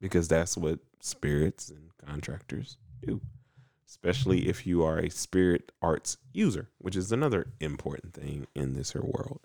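A man casually recapping an anime episode, animated and acting out the characters in quick voices. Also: sits low, vocal fry. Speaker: podcast co-host recapping an anime. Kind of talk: casual chat.

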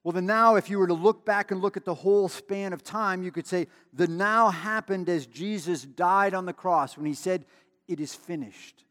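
A man's voice: high-pitched, normal speed, few pauses, fairly bright tone. Guy preaching in a big echoey hall, chatty, tells stories, hammers his points home. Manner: conversational, with emphatic repetition and storytelling asides. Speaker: pastor. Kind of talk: sermon.

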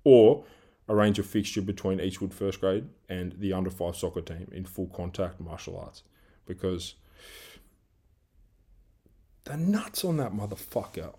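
A man with an Australian accent rants through a solo podcast segment. His voice sits low and dark, and he swears freely as he rambles through his grievances. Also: expressive, moderate pace, breathy edge. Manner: angry, heavy swearing, rambling rant; self-described big guy who coaches team training. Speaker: podcast host. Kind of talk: solo ranting monologue.

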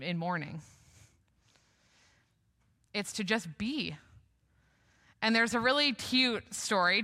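Young female preacher, bright and forceful, conversational sermon delivery with light humor, reverberant church hall. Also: mid-range voice. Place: church sanctuary.

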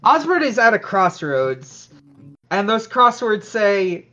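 Tabletop player, halting, thinks aloud, slow, muffled audio. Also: medium pitch, sing-song, fairly bright tone. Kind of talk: casual tabletop play.

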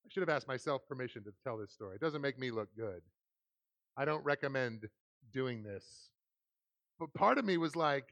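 A man's voice: fairly high pitch, lively intonation, a little fast, creaky, a bit bright, no echo, lo-fi sound. A man, a pastor, preaching a sermon, telling stories about himself with self-deprecating humor and reading scripture earnestly. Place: church sanctuary.

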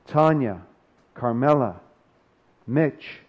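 A male pastor delivers a sermon in a relaxed, conversational way, with dry asides between the scripture readings. His voice sits at an ordinary middle pitch. The recording is dull and somewhat lo-fi. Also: moderate pace.

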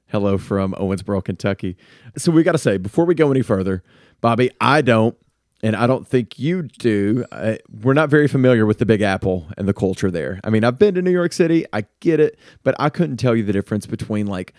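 A man's voice: on the low side, expressive, a little fast, darkish tone, no room sound, studio quality. A man hosting a podcast in casual chat, playful and teasing. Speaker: podcast host.

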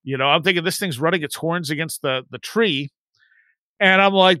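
A man in his forties telling a story in a casual chat, rambling and lively when he quotes his friends. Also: a little high, normal speed, no echo.

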